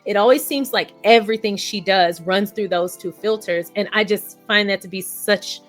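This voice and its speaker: A woman's voice: medium pitch, normal speed, faint music behind. A woman vlogger giving casual, effusive reaction commentary, chatty and laughing often.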